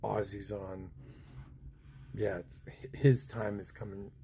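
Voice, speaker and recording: A man in his fifties tells a story in a loose, meandering way. His voice is low and gravelly, with a mellow, dark tone. Faint ambient noise sits behind him. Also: level tone, takes it slowly. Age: 50s. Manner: rambling, with many fillers and restarts. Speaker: vlogger. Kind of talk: casual storytelling.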